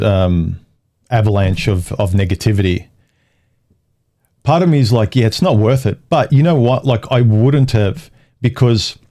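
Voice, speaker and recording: A man's voice: fairly low pitch, warm tone. A man hosting a casual livestream, talking in loose, rambling phrases with frequent restarts. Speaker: livestream host.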